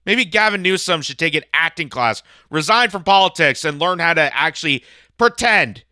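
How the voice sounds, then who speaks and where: Man, sarcastic ranting commentary host, very bright and clear voice, dry close recording. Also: a little high, lively intonation, moderate pace, no echo. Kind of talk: political reaction commentary.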